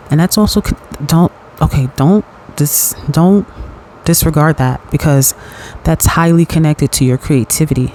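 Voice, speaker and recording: A man giving a casual pick-a-card tarot reading at home at night, chatty and excitable, laughing often and restarting his sentences. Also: fairly high pitch, a little hiss or hum, rough recording. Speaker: tarot reader. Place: home at night in dim lighting.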